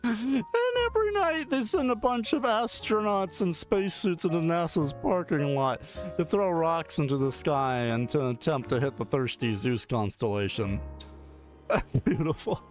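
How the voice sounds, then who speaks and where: A man's voice: a little high, expressive, measured pace, faint music behind. A male streamer playfully reading a text adventure game aloud, often laughing.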